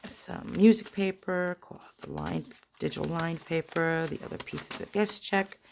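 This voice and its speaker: Low gravelly lady flipping through her craft journal, chatty and rambly, paper crinkling. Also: moderate pace, darkish tone, a little hiss or hum. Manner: chatty, rambling, self-deprecating asides. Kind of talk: casual flip-through narration. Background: paper rustling and crinkling.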